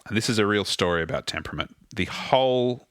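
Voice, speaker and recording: A man, a theatre musical director, telling animated anecdotes as a guest in a casual interview and swearing freely. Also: lowish voice, fast, no room sound, clean studio sound.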